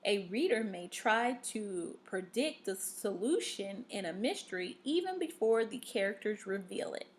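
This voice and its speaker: Slow, patient woman teaching reading. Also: mid-range voice. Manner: patient, instructive, with frequent fillers and "okay?" checks. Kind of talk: recorded reading lesson.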